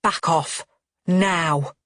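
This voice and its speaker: A man's voice: on the high side, very slow, a bit bright, dry recording, clean studio sound. A woman voicing a hot-tempered brother. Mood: angry. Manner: vehement, scolding.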